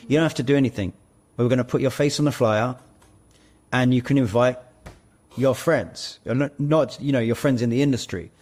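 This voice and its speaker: A man's voice: mid-range voice, darkish tone. A man speaking as a guest, co-founder of an audition platform, in a casual podcast conversation, explaining at length and telling earnest stories. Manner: earnest storyteller, talks in long run-on explanations.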